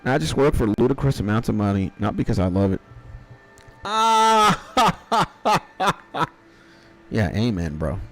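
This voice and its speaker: A man's voice: on the low side, lively intonation, fast, mellow, soft background music. A man in his thirties chatting casually while streaming a game. He rambles, swears freely and drifts into half-joking life philosophy. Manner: rambling, profane, mock-philosophical. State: hungry after an early start. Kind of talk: casual chat while gaming.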